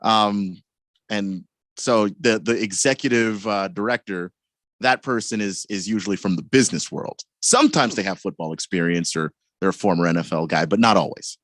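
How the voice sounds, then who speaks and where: A man co-hosting a sports radio show, explaining points in a measured way. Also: on the low side, a bit bright, no echo, studio quality. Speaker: radio co-host. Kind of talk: casual sports radio banter.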